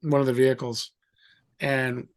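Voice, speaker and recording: A middle-aged man telling a story in a rambling, animated way, acting out the voices of others. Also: medium pitch, unhurried. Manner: animated, acts out quoted voices; rambling with fillers and restarts. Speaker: guest. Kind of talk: casual storytelling.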